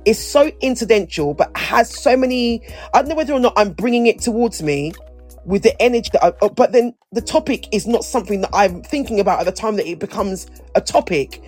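A woman's voice: mid-range voice, lively intonation, a little fast, a little mellow. Woman on a podcast, rambly casual chat, stops and restarts a lot, faint music under it. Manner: rambling, restarts sentences, playful. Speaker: podcast co-host.

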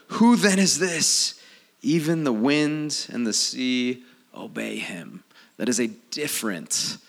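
A man preaching a sermon as pastor, swinging from quiet, low asides to loud, raised outbursts. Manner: animated, swings from low and soft to loud and high.

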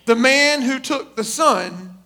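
A preacher doing a booming formal auctioneer. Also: male voice, expressive, slow pace, pushed and bright, full character voice. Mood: solemn. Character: formal male auctioneer, insistent then solemn.

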